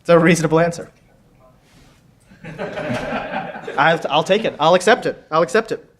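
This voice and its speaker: A man with a somewhat high voice hosts a quiz for a room full of people. He is chatty and jokey, doubling back on his words as he goes. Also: moderate pace, a bit bright. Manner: joking, chatty, repeats himself. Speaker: quiz host. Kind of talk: live conference pub quiz hosting. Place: conference room with audience.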